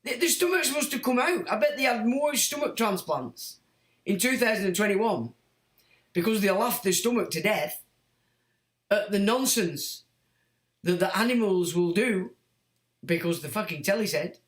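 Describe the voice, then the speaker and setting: A man's voice: high-pitched, lively intonation, normal speed, a bit bright, echoey room. A man hosting a livestream, reading chat comments and ranting in a blunt, sweary, sardonic way. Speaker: livestream host.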